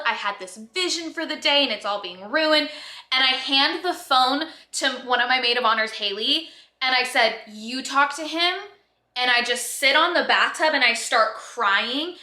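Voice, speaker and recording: A high-voiced young woman in her twenties tells her vlog viewers a story in a casual, chatty way, breathless and animated, with lots of "like" and quick bursts of excitement. The recording has the echo of a reverberant room.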